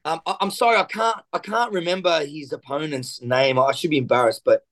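A jiu-jitsu coach, a man, talks in an animated podcast interview and acts out the voices in his stories. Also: on the high side, brisk.

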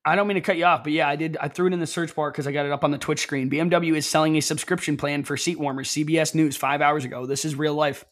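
Excitable young man with a high voice. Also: very fast, few pauses. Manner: excitable, animated, rambling. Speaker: co-host. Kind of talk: casual chat.

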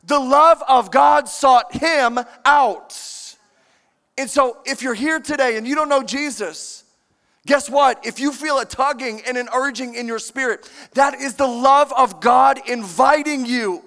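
A man preaching a sermon in a large church, emphatic and animated, questioning the congregation. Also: extremely high pitch, measured pace. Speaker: pastor. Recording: long church-hall reverb.

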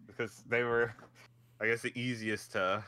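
A man's voice: mid-range voice, little pitch movement, normal speed, sharp tone, smooth. An American man in casual chat, rambling and laughing easily as he talks.

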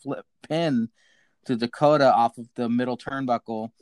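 A man's voice: medium pitch, fairly even intonation, moderate pace, darkish tone, dry recording. A man hosting a casual podcast, recapping matches play by play, swearing and joking with his co-hosts. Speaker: podcast host.

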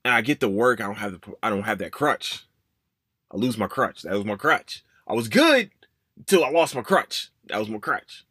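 Philly guy in his 30s rambling emotional on his podcast, lowish voice, real dry close sound. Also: brisk, pushed and bright, breathy edge, no room sound. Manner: emotional, rambling, repeats himself often. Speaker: podcast host. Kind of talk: casual personal monologue.

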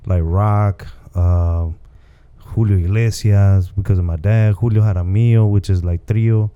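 A man's voice: fairly low pitch, fairly even intonation, measured pace, clean tone, narrow, tinny audio. A man from Texas, a comedian guest, chatting casually and telling rambling stories, often adding "you know what I'm saying". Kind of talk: casual podcast chat.

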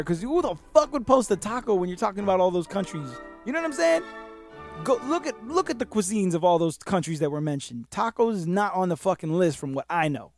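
A man's voice: high voice, gravelly. A man hosting a podcast, raised in Miami, giving sarcastic, profane comedic commentary on the news. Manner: animated, sarcastic, swears a lot. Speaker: podcast host.

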